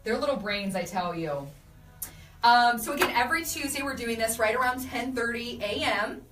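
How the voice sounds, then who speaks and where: A young adult woman hosting a casual live video, reading viewer comments and telling animated stories about her kids. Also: on the high side, normal speed, roomy sound, distant mic, noisy background. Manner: chatty, animated storytelling with laughs. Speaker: radio host doing a live video.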